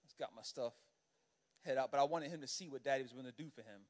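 A man preaching a sermon as an animated, conversational storyteller who keeps checking in with the congregation by asking "right?". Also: mid-range voice, fast talker. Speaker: pastor.

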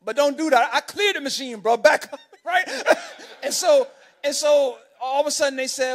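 A man preaching a sermon as an animated, conversational storyteller who keeps checking in with the congregation by asking "right?". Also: very high voice, normal speed. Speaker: pastor.

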